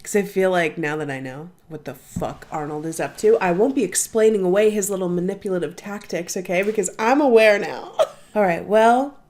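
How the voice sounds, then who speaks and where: A young woman talks through her reactions in loose, casual commentary, gushing and swearing freely. She laughs often between thoughts. Her voice sits at a middle pitch. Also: normal speed, darkish tone. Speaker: reaction channel host.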